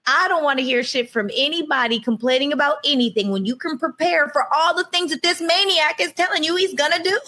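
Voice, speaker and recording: Woman co-host, blunt, exasperated, profane, high voice. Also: a little fast, few pauses, sharp tone. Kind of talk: casual talk show chat.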